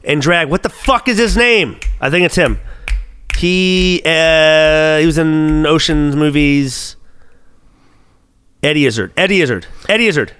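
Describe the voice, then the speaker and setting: A man on a casual podcast, excitable and swearing heavily while he thinks aloud through a trivia question. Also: a little high, unhurried, clean tone, dry recording. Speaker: co-host. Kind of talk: casual podcast chat, quiz game.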